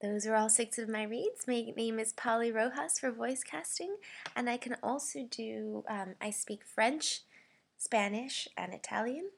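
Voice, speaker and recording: Woman voice actor, audition slate, slow, breathy, bright. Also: a little high. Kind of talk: audition demo reel.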